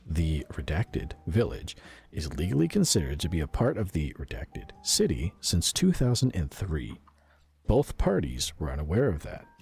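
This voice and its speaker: Deep-voiced gravelly streamer reading aloud. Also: male voice, darkish tone. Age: 30s. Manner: reads dryly, breaks off into joking asides.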